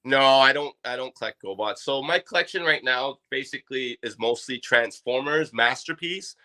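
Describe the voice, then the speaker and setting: A Canadian man with a mid-range voice speaks at a normal speed, his tone pushed and bright. He's a podcast guest chatting loosely and enthusiastically about his toy collection in a casual conversation.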